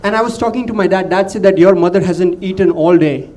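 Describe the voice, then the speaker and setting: Speaking fast in a darkish tone, an Indian stand-up comedian keeps things chatty and pokes fun at the audience, lowering his voice to mimic his dad. A little hiss or hum runs under the recording.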